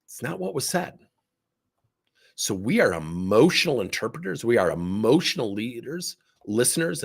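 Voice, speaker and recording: Gravelly animated male storyteller. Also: medium pitch. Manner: animated storyteller, acts out both sides of conversations. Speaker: leadership coach. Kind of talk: livestream talk with acted anecdotes.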